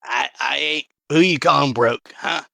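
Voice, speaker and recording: A man voicing a gruff, short-tempered adventurer who grumbles curtly. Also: fairly high pitch, moderate pace, pushed and bright, no room sound, studio quality, full character voice. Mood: irritable. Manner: curt, grumbling.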